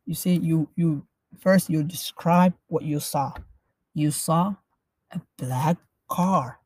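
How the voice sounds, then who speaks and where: A woman's voice: deep voice, fairly even intonation, slow, mellow, no echo. A woman teaching a language lesson, explaining patiently and repeating phrases in both languages.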